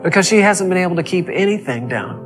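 A man's voice: high voice, animated, fast, over music. A man preaching a sermon, telling a story with emphatic repeated phrases.

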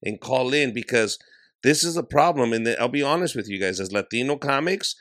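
A man's voice: medium pitch, lively intonation, fairly quick, fairly bright tone, no room sound, studio quality. Blunt, foul-mouthed veteran comic man. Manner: blunt, profane, lecturing advice. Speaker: guest comedian. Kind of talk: casual podcast chat. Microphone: studio mic.

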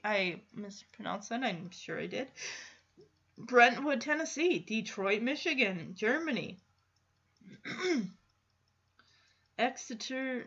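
Woman podcast host, casual solo chat, bright and excitable, lo-fi sound. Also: a little high, slightly rough. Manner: chatty and excitable, with frequent laughs.

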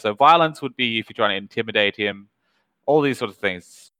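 A man running a tabletop horror game as game master, narrating in a calm, measured way that slows down for tension. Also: mid-range voice, clear, resonant tone, no echo, rough recording.

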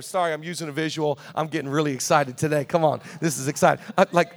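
Quick and barely pausing, a pastor sermonizes to his congregation in a steady tone, his voice high for a man. He hammers key words through repetition and shifts between quiet confidences and loud, forceful declarations.

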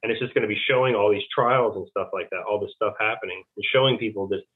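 A man's voice: lowish voice, fairly even intonation, fast talker. A man speaking as a guest over the phone, rambling and full of fillers, often retelling conversations. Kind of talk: rambling phone interview storytelling. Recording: tinny phone line.

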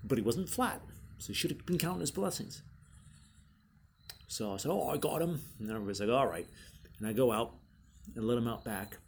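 A man hosting his own show, telling prank stories in a casual, animated way and acting out the quotes in high voices. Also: a little fast, pauses often, slight background noise. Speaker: podcast host. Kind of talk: casual storytelling monologue.

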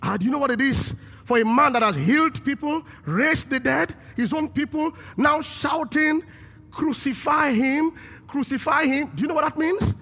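A man preaching a sermon as pastor and host, emphatic and rising to shouts to stress his points. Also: extremely high pitch, expressive, normal speed, gravelly.

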